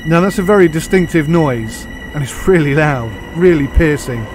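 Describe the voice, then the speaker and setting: A man's voice: a little high, lively intonation, normal speed, noisy background. Chatty British man reviewing a game. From United Kingdom. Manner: chatty, rambling, thinking aloud. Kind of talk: casual gameplay commentary.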